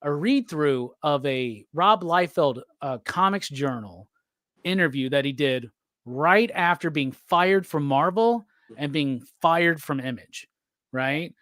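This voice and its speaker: Animated, profane male podcast host. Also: fairly high pitch, slow, no echo, studio quality. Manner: animated, profane, slangy, acts out quotes. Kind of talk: casual conversation about comics.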